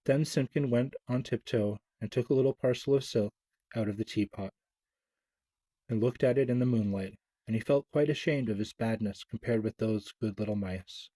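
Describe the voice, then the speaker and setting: Mellow man reading a children's storybook, dry close sound. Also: medium pitch, dry recording. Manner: gentle, expressive reading with small stumbles.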